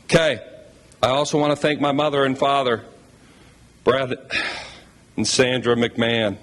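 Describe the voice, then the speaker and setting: A man's voice: medium pitch, level tone, measured pace, fairly bright tone. A man speaking as a new head basketball coach at a press conference, heartfelt, emotional and thankful.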